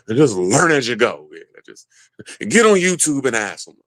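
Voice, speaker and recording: A man's voice: medium pitch, very animated, a little slow, fairly bright tone, dry recording. A man in casual chat, talking loosely with lots of swearing and frequent laughter. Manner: loose, joking, heavy swearing; laughs often between lines.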